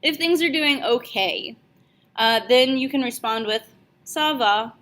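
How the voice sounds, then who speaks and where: A young woman teaching a French lesson, speaking clearly and slowly repeating each phrase. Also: high voice, bright, forceful tone. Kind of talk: video language lesson.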